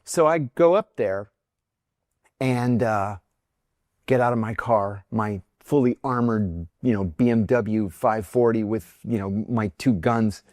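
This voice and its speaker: Animated middle-aged man telling a story. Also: lowish voice, slow, no echo, clean studio sound. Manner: animated storyteller who acts out quoted lines. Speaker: interview guest. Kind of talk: telling a personal story in an interview.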